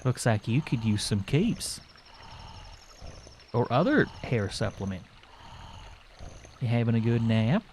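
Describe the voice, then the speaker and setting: A man's voice: medium pitch, big pitch swings, slow, long pauses, darkish tone, slight background noise. A man doing casual live-stream commentary while playing, rambling and joking with his viewers and swearing now and then. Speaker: game streamer.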